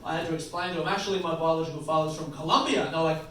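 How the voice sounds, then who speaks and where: A man in his late twenties with an Australian accent, doing a crude, animated stand-up comedy set. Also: on the high side, rapid-fire, a little hiss or hum. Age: late 20s. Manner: crude, loud punchlines, animated crowd-work. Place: comedy club stage. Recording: echoey venue, picked up from a distance. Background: audience laughter.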